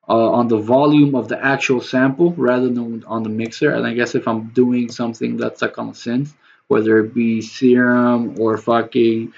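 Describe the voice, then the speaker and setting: A man's voice: medium pitch, gravelly. A man streaming a music production session, talking loosely to his chat with a bit of swearing. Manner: rambling, loose and profane, talks to chat viewers. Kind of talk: casual livestream talk while producing. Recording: slightly dull lo-fi stream audio with faint noise.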